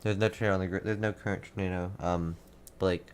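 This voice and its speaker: A young man hosting live storm coverage, reading out town after town and answering chat, halting and repeating himself. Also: low voice, fairly even intonation, slight background noise. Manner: rapid town-by-town updates, halting and repetitive. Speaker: livestream weather host.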